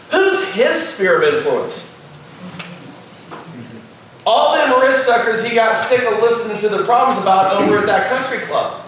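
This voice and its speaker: His voice is very high and fairly bright as this Californian guest speaker shares chatty anecdotes with a class. He performs the quotes and laughs a lot, and the recording is distant and echoey with faint background noise.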